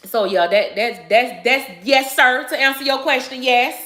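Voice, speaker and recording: A woman's voice: fairly high pitch, lively intonation, moderate pace, a bit bright. Woman, casual livestream host, emphatic and repetitive, echoey room. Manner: emphatic, repeats phrases, laughs often. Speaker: livestream host answering viewers.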